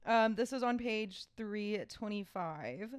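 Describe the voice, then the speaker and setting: A woman's voice: medium pitch, slow pace, clean tone, no room sound, studio quality. A woman co-hosting a book club podcast, chatting casually and joking around. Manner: playful, joking. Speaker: podcast co-host. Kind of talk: casual chat.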